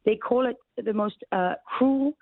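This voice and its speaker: A woman's voice: fairly high pitch, unhurried, no room sound, phone-quality sound. A woman appearing as a guest on a talk radio interview, explaining her points urgently and with emphasis. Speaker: guest journalist.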